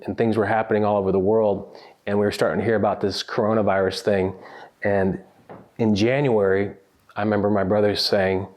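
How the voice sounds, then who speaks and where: A man's voice: fairly low pitch, darkish tone. A male pastor reflecting earnestly on his church's year, often repeating words as he starts a thought. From United States.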